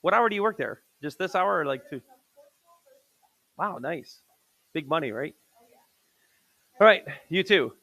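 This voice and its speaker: A man's voice: on the high side, lively intonation, unhurried, pauses often, pushed and bright, no echo. A male math teacher lecturing a live class, counting steps aloud, quizzing students and correcting himself on the fly.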